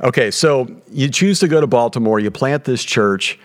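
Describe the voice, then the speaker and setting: A man's voice: mid-range voice, moderate pace. A man with a Southern drawl hosting an interview, asking conversational questions and affirming his guest. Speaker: podcast host.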